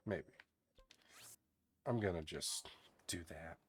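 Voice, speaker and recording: A low, deep-voiced man speaks with a soft Southern Texan accent. He chats in a relaxed, soft-spoken way, with a gentle lilt, as he streams a game. A faint hiss of noise sits under his voice. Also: slow. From northern Texas. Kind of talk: relaxed casual chat while gaming.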